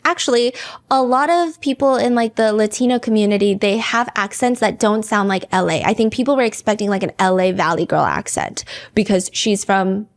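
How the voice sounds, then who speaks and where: A woman's voice: mid-range voice, fairly quick. A woman hosting a true-crime podcast, chatting casually and reading lyrics and comments aloud. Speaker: podcast host.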